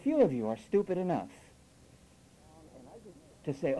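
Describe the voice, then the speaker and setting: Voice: mid-range voice, sing-song, normal speed, pauses often, dark tone, poor audio. A preacher delivering a sermon with sarcastic asides, mimicking the phrases he criticises. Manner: sarcastic, mocks quoted phrases with acted voices.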